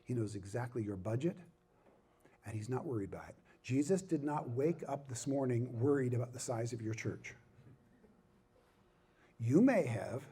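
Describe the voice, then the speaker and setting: Speaking at a ministry conference, a middle-aged man gives a humorous talk, joking at his own expense and repeating points for emphasis. His mid-range voice is mellow, with a breathy edge.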